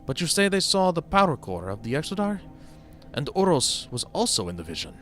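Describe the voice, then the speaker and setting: A man's voice: fairly high pitch, very animated, fairly quick, fairly bright tone, soft background music, voice pushed up. A man voicing a solemn male quest-giver in a fantasy game, reading the dialogue in an earnest, wondering way.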